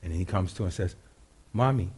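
An older man preaching a sermon in a church, telling a folksy story with animated delivery and frequent laughter. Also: deep voice, rapid-fire, slight background noise.

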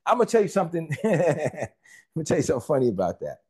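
A man with a notably high voice delivers a sermon. He builds fervor by repeating words again and again, then turns to chat casually with the people in the pews. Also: huge pitch swings, quick pace, warm tone, slightly rough. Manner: emphatic, repetitive, rising into fervent repetition; conversational asides to the congregation. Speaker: preacher.

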